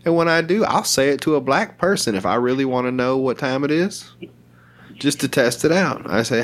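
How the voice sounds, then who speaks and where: Man, casual podcast chat, profane, laughs a lot, middle-pitched voice. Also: normal speed. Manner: profane, laughs often, animated storytelling.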